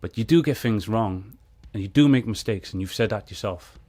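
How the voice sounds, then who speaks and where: A man's voice: lowish voice, moderate pace, dark tone. A man reviewing a video clip, arguing back at it in an earnest, heated way. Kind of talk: reaction commentary on a clip.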